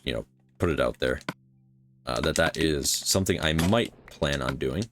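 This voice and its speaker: A man casually commenting on his building game for his own channel, rambling with many fillers and restarts. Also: a bass voice. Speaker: gaming channel host.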